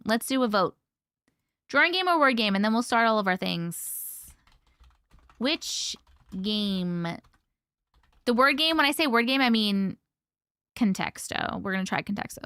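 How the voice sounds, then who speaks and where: A woman's voice: on the high side, sharp tone, clear, resonant tone, no room sound, studio quality. A woman hosting a livestream, chatting casually with viewers, greeting them by name and laughing often. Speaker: livestream host.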